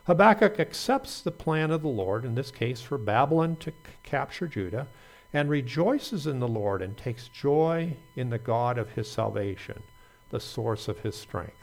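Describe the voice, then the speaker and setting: A man's voice: medium pitch, lively intonation, moderate pace. A man preaching an earnest Bible sermon, reading scripture aloud with small slips.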